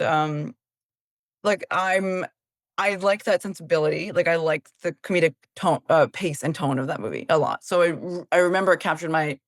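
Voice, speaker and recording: A woman's voice: fairly low pitch, no echo. A woman in her thirties, a comedian guest, talking through her thoughts about films and searching for words. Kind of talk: casual film chat.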